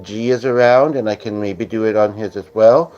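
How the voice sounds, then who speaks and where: A man's voice: on the low side, normal speed, a little mellow. A man hosting a casual livestream, rambling with many fillers as he reads viewer comments aloud. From Canada. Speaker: livestream host. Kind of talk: casual live-stream chat. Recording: slightly dull lo-fi audio.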